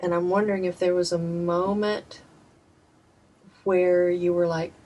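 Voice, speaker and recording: A woman's voice: on the low side, flat delivery, unhurried. A woman hosting a casual interview, chatty and exuberant. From United States. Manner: warm-hearted, exuberant, chatty. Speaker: host. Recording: distant mic with faint room noise.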